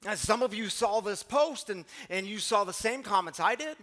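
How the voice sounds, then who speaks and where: A middle-aged man, a pastor, giving an earnest, confessional sermon that swings from hushed to emphatic, often repeating words. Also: high-pitched, lively intonation, moderate pace. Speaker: pastor of a recovery community. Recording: long hall reverb, faint music behind.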